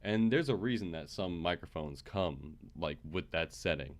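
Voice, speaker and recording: A man's voice: low voice, expressive, moderate pace. A man streaming live from his computer setup, walking viewers through fixing his microphone in a chatty, casual way that is full of fillers and check-ins with the audience. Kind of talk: casual livestream tech walkthrough. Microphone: USB microphone with headset monitoring.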